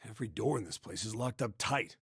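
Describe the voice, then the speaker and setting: A man's voice: lowish voice, animated, quick pace, gravelly, background noise. An actor voicing a blunt, offhand young man in a video game.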